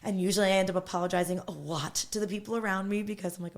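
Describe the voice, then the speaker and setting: A woman's voice: medium pitch, steady tone, very fast. A woman in her thirties, a podcast guest, telling her story bluntly and candidly, laughing often.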